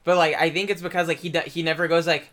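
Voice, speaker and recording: Young guy, bright forward tone, slightly high, laid-back storyteller who drops curse words. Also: flat delivery, quick pace. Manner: laid-back, swears freely, retells stories in quoted voices. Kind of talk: casual chat.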